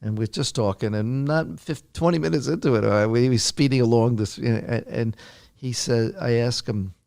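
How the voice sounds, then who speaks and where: A man's voice: mid-range voice, moderate pace, gravelly, darkish tone, no echo, clean studio sound. An older man, a guest author, telling a long story in a conversation and restarting his sentences often.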